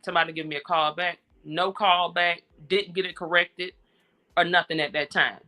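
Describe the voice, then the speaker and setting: A woman's voice: on the low side, normal speed. A woman, a grieving mother, giving a personal account in an interview, worn out and frustrated, steadily retelling what happened. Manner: steady retelling, repeating exchanges.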